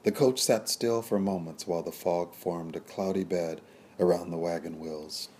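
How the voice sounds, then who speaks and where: A man with a very low, dark, mellow voice reads a period novel aloud. His narration is measured and descriptive, with a steady storytelling manner. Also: a little hiss or hum. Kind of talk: scripted audiobook narration.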